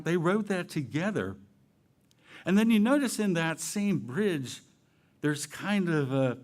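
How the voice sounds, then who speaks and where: A man giving a sermon-style church talk, asking the audience questions and adding playful, jokey asides. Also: on the high side. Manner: asks the audience rhetorical questions. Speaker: church speaker.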